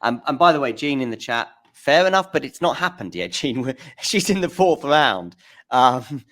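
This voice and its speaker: A man's voice: medium pitch, animated, moderate pace, fairly bright tone. A man hosting a casual tennis talk stream, rambling a little and thanking viewers in the chat by name over a remote call.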